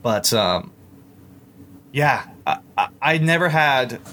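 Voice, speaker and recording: A man's voice: mid-range voice, lively intonation, slow pace, sharp tone, soft background music. Rambling young man in casual chat. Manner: rambling, many fillers and restarts. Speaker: guest.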